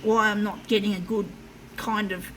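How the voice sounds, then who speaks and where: A woman's voice: mid-range voice, level tone, normal speed, a bit bright, a little hiss or hum, low-quality recording. A woman talking to viewers while working on a craft demo, hot, sweaty and shaking, swearing often and calling them folks. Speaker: vlogger demonstrating a craft. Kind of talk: frustrated casual monologue while working.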